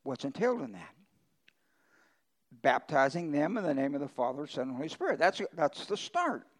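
A man's voice: a little high, wildly swooping pitch, moderate pace, rough recording. A male pastor preaching a conversational sermon, telling folksy ranch stories with emphatic swings in his voice.

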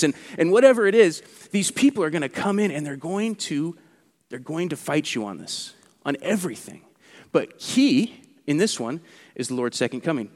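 A man preaching a sermon as pastor, animated and conversational, acting out what mockers say. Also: a little high, normal speed, long reverb tail. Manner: animated, acts out mockers' quotes.

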